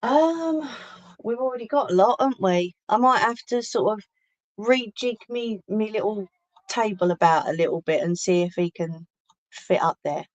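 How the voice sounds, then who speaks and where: A woman's voice: mid-range voice, expressive, moderate pace, highs cut off. A woman hosting a casual crafting livestream from home, chatting and answering viewer comments as she works. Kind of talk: casual live chat while crafting. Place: home craft room, indoors. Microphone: phone or webcam on a livestream.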